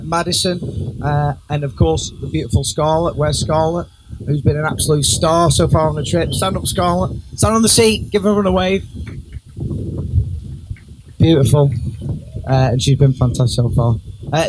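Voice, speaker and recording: Guy doing a jokey best man toast, um-ing a lot, noisy reception room behind him. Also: a little high. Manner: joking, teasing, pausing with ums. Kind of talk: wedding toast speech. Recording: clear background noise.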